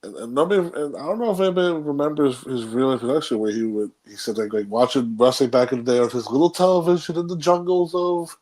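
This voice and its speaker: A man's voice: mid-range voice, fast, hardly any pauses, a little mellow. A man co-hosting a casual podcast chat, rambling and acting out quotes. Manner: rambling, restarts, mock-quotes others. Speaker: co-host.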